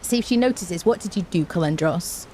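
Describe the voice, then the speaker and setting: A British woman with a cold chats playfully with her live-stream viewers from home, greeting them by name. Her voice is on the low side and dark in tone, fairly quick, with lively intonation. A little hiss or hum is audible.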